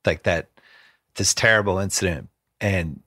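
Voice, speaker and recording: A man hosting a podcast, chatting casually in animated, long run-on thoughts. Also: low-pitched, a little slow, dry recording, clean studio sound. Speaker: podcast host. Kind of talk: casual interview chat.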